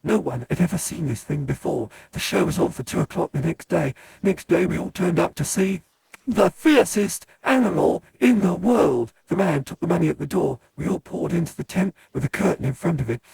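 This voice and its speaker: A performer voicing an animatronic that tells a spooky tale slowly and dramatically in a raspy voice. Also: medium pitch, expressive, a little mellow, no echo, full character voice. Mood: dramatic. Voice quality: very raspy and creaky. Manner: slow, dramatic tale-telling. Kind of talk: fan voice acting of a poem.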